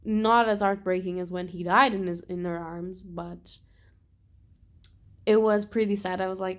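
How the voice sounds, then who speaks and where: A young woman talking casually in a book vlog, animated and exasperated, swearing and laughing often. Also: mid-range voice, unhurried. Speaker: book vlogger.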